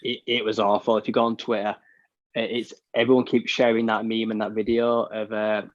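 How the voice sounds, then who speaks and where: British man, blunt, low and flat-voiced. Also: a little fast, no room sound. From United Kingdom. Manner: blunt, opinionated, rambling with restarts. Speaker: podcast co-host. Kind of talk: casual sports chat. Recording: dull, dry lo-fi mic sound.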